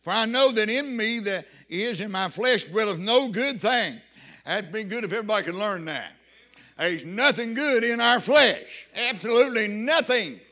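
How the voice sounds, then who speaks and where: A man preaching a fervent revival sermon, rising to shouts and half-sung phrases. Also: high voice, lively intonation, normal speed.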